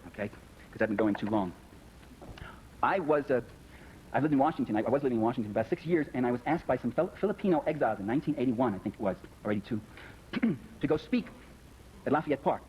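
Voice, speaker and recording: A man giving a lecture to an audience in a hall, telling stories in an animated, emphatic way, then taking questions. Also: a little high. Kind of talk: public speech with questions. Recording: dull lo-fi recording with faint hiss.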